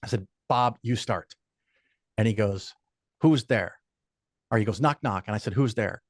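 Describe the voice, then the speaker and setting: A man's voice: lowish voice, normal speed, no room sound. Older guy guesting on a podcast, swears a lot, acts out the people in his stories, dry close sound. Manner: profane, animated anecdotes with quoted voices. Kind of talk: casual storytelling chat.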